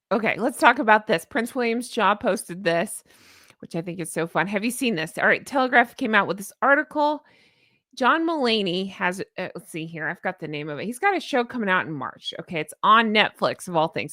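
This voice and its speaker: A woman's voice: medium pitch, pushed and bright, dry recording, studio quality. A woman giving casual, sarcastic reaction commentary in a chatty vlog, laughing often. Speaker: commentary vlogger.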